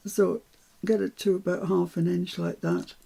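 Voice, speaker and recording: A woman's voice: on the low side, little pitch movement, normal speed, vocal fry, mellow, slightly rough. An older woman giving a chatty live craft demonstration, with self-mocking asides while she works. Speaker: craft tutor.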